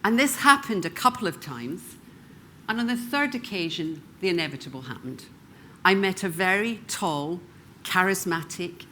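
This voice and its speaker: A middle-aged woman from Glasgow with a Scottish accent, speaking as a keynote speaker and slowing down with dramatic pauses for emphasis. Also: lowish voice, bright, forceful tone, slight background noise. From Scotland. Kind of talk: motivational stage talk. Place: conference room before a live audience.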